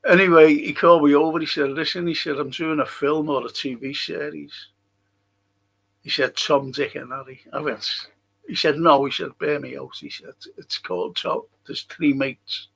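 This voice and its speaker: A man's voice: a little high, steady tone, normal speed, creaky, fairly bright tone. An older man with a Liverpool accent, hosting a live podcast stream, reading viewer comments and telling blunt, sweary, rambling stories. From England. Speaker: podcast host.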